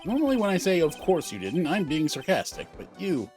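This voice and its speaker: Pria yang membawakan pengacara muda lugas, suara agak tinggi dengan musik samar. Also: male voice, on the high side, wildly swooping pitch, fairly quick, a little mellow, faint music behind. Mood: dry. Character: earnest young male defense lawyer. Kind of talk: reading game dialogue aloud.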